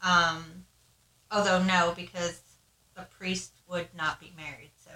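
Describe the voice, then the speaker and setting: Bright woman reading letters on a podcast. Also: fairly low pitch, little pitch movement. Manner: reads aloud haltingly, then rambles with many fillers. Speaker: podcast co-host reading listener stories. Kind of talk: reading listener letters and casual chat. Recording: roomy echo.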